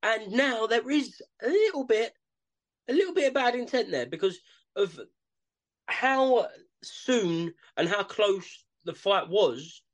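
A man's voice: sits high, lively intonation, takes it slowly. A man with an East London accent co-hosting a podcast, talking casually and jokily about boxing. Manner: laid-back, jokey, says mate. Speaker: podcast co-host.

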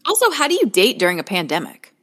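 A woman hosting a podcast, chatting casually over a remote call, encouraging her guest with quick questions and reactions. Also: mid-range voice, huge pitch swings, fairly bright tone. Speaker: podcast host. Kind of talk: casual interview chat. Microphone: remote call mic.

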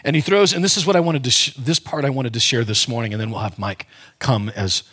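A man's voice: medium pitch, fast, pushed and bright, husky. A man pastor giving a conversational, emphatic sermon, often restarting his sentences as he explains a Bible passage.

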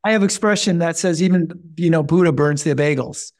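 A man talking as a podcast guest, emphatic and animated, often repeating himself, and his voice jumps up when he tells a story. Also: a little high, fairly quick. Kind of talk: conversational interview.

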